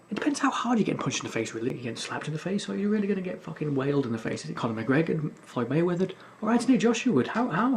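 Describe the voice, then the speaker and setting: A man's voice: on the high side, vocal fry, a little mellow, a little hiss or hum. A young man hosting a gaming video, rambling in casual sardonic commentary and swearing often. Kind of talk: casual commentary while playing.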